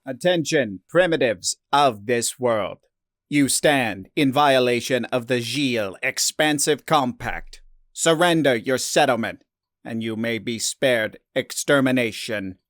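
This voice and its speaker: Guy doing a slow booming alien translator, commanding, dry sound. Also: a bit bright, dry recording, close to an everyday voice.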